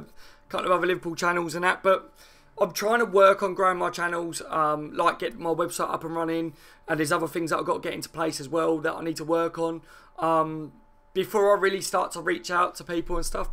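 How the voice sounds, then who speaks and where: Fast-talking gravelly male fan host. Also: high-pitched. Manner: fast, animated chatter, laughs often. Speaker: football fan channel host. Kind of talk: live fan chat reacting to viewer comments.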